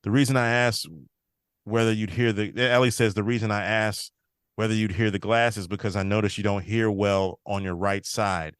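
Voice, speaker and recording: A man hosts a podcast, casually recapping a TV episode and quoting characters' lines in a slightly shifted voice as he retells scenes. His voice is on the low side, clear, resonant, and a bit bright, with fairly even intonation at normal speed. The sound is clean studio quality with no room sound.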